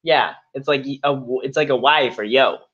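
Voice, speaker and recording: A man's voice: mid-range voice, moderate pace, fairly bright tone, husky, lo-fi sound. A man co-hosting a live stream, clowning in a mock-dramatic, self-pitying tone. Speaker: co-host. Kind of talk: joking live stream chat.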